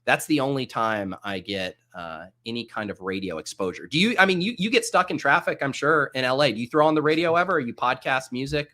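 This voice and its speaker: A man's voice: medium pitch, expressive, a little fast, hardly any pauses, sharp tone. A man hosting a podcast in an upbeat, casual way, laughing easily. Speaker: podcast host. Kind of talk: casual chat.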